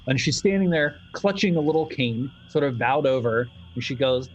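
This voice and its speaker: A man's voice: medium pitch, lively intonation, moderate pace, hardly any pauses, highs cut off. A man narrating as game master in a loose, chatty way.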